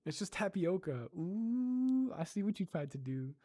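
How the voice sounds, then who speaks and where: A man chatting casually on a livestream, giggling and slowly sounding out foreign words. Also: on the high side, a little mellow, breathy edge. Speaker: streamer.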